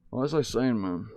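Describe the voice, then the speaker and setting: A young VR streamer chats casually in a virtual reality hangout, speaking into a headset mic in a medium-pitched, fairly bright voice on a dry recording. He rambles and swears freely, stumbling over restarts.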